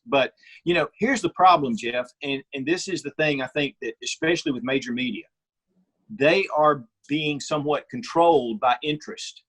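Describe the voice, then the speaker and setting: A middle-aged man, a guest on an interview, talking in an opinionated, storytelling way with a husky voice. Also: fairly high pitch, moderate pace, fairly bright tone. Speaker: guest, firearms reviewer. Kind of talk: casual interview chat.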